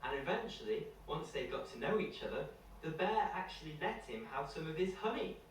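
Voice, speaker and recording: Male storyteller, playful bedtime narration, distant mic, faint background hiss. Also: a little high. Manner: slow, lively, playful. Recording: echoey room from far off, faint noise.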